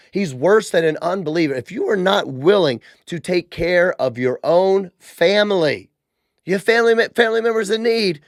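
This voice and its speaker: High-voiced, gravelly man hosting a podcast. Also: moderate pace, no echo, studio quality. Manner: animated, sarcastic, conversational. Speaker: podcast host. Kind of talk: casual religious commentary.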